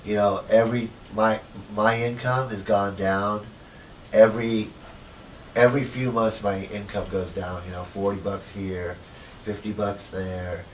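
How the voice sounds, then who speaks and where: A man's voice: on the low side, little pitch movement, a little slow. A man in a documentary interview telling his story casually, rambling with lots of "you know" and acting out what people said. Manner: rambling, filled with "you know", acts out quoted dialogue. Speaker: interviewee, activist. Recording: distant mic with faint ambient noise.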